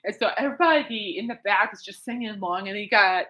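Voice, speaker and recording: A woman hosting her own podcast alone at home at night, telling a long story in a rambling, excitable way full of fillers and asides. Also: medium pitch, fast talker, low-quality recording. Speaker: podcast host. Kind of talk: casual rambling monologue.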